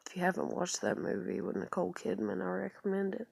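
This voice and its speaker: A woman's voice: mid-range voice, little pitch movement, fast, gravelly, a little mellow, slightly rough, no echo. A woman talking in a rambling confessional vlog, full of fillers and trailing off into whispered asides. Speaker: vlogger.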